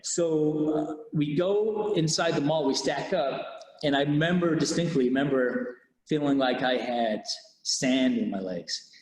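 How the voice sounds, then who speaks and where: A police officer recounting a personal experience in an interview, candid and halting, with many restarts. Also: male voice, fairly high pitch. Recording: echoey room with long reverb.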